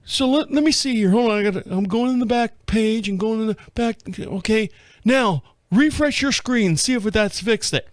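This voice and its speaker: A man acting out a friendly male software company founder, who talks in an upbeat and reassuring way. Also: high voice, moderate pace, dry recording, pitched above the performer's own voice, lightly acted.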